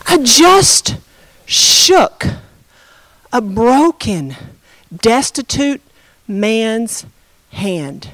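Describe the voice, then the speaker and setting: A woman pastor telling a story in a sermon, expressive and conversational, addressing her congregation. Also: a little high, drawn-out words, pauses often, no room sound.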